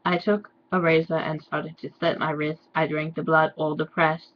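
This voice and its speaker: A woman giving a sarcastic dramatic reading with deadpan, mocking asides. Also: low-pitched, moderate pace, dull audio. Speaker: reader and commentator.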